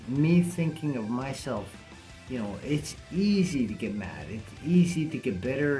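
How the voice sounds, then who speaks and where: A man's voice: medium pitch, a little mellow. Plainspoken man, casual vlog. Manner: blunt, plainspoken, swears casually. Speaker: vlogger. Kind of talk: casual talk to camera.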